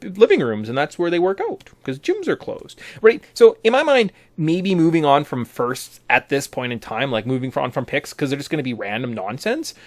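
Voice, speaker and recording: A man's voice: fairly high pitch, big pitch swings, normal speed, few pauses, no echo. A man co-hosting a casual sports podcast, rambling through his points with frequent restarts. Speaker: podcast co-host.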